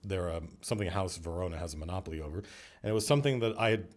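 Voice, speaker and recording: A man's voice: deep voice, racing. A man hosting a casual livestream as game master, thinking aloud as he answers viewer questions and talks to his cat.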